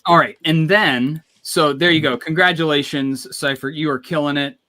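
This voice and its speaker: A man's voice: fairly high pitch, moderate pace, sharp tone, slight background noise. Upbeat man hosting a livestream. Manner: upbeat hype, rambling restarts. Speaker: livestream host. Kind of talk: casual livestream chat.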